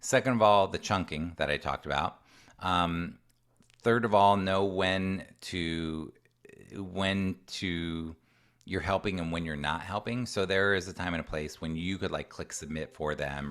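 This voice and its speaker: A man with a low voice talks parents through a coaching presentation. He speaks in an earnest, conversational way. Now and then he slips into short voices of a parent or a child. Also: fairly even intonation, measured pace, a bit bright. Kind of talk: online presentation with Q&A. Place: home room with a door.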